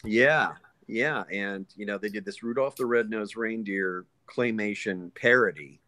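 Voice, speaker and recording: A man with a fairly low voice, talking as a guest in a relaxed interview. He tells animated stories and jumps quickly between tones as he talks. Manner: animated, lively anecdotes with quick voice shifts. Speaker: voice actor guest. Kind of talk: casual interview storytelling.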